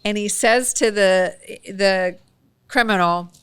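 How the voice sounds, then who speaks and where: Bubbly woman podcast host, crisp voice. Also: medium pitch, moderate pace, a bit bright, no room sound. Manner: bubbly, laughs often, gushing. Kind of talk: casual interview chat. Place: podcast studio set.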